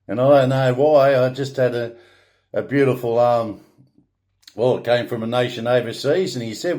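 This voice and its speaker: A man's voice: medium pitch, normal speed, a little mellow. An Australian man ranting bluntly through a rambling monologue, swearing often and restarting his sentences. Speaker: vlogger.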